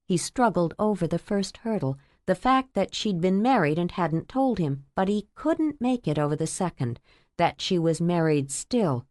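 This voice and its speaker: Woman reading a romance audiobook, lowish voice, measured and intimate, really dry close sound. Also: animated, darkish tone, no echo. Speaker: audiobook narrator. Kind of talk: scripted romance narration.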